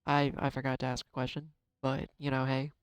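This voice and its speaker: A man giving a casual tarot card reading, chatty and self-deprecating, thinking out loud. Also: mid-range voice, completely flat delivery, fairly quick, smooth, dry recording, poor audio. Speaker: tarot reader.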